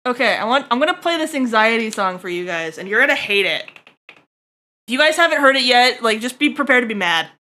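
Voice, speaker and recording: A woman chats with her viewers during a livestream, making crude jokes as she goes. Her voice sits high and sounds bright and sharp. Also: expressive, fairly quick. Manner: crude, joking, chatty with viewers. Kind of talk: casual stream chat while drawing.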